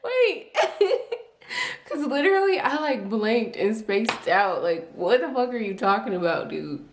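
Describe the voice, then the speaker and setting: Slow, swooping woman reacting. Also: on the high side, sing-song. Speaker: reaction video host. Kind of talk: reacting to clips. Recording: echoey room, faint hiss.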